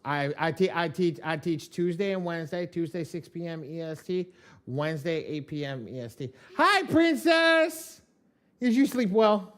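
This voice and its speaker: A man's voice: a little high, normal speed. Casual man teaching a live online class. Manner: casual, slangy, talks straight to the viewers. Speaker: software trainer.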